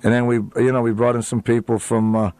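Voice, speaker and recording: A man guesting on a radio show as a restaurant owner, with a mid-pitched voice. He talks in a rambling, easygoing way, full of fillers and small laughs. The mic is close and dry. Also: level tone, fast, no echo. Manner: rambling, many uhs, warm laughs, restarts. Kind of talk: casual radio interview chat.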